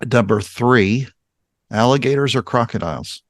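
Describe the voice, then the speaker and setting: A man hosting a podcast, running through interview questions in a brisk, upbeat way. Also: medium pitch, no room sound, clean studio sound. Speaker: podcast host. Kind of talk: interview host asking questions.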